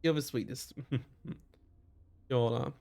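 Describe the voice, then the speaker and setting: A man's voice: mid-range voice, fairly even intonation, slow pace, creaky, darkish tone. A man with a German accent streaming a game, enthusiastic and self-deprecating, reading text aloud. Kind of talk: let's-play commentary and reading aloud.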